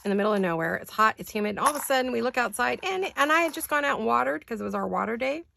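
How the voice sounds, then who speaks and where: Hoarse older woman chatting as she crafts. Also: on the high side, expressive, racing, pushed and bright, dry recording. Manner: chatty, thinking aloud, wandering asides. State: hoarse, deep voice. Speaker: craft vlogger. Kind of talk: casual chat while crafting. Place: home craft studio.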